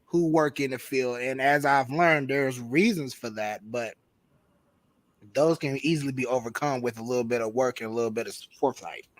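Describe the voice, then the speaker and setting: A man's voice: medium pitch, fairly even intonation, normal speed, no echo. A man with a stuffy, congested voice from a cold, talking loosely and slangily as a podcast guest. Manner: loose, slangy, swearing freely. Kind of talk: casual podcast chat.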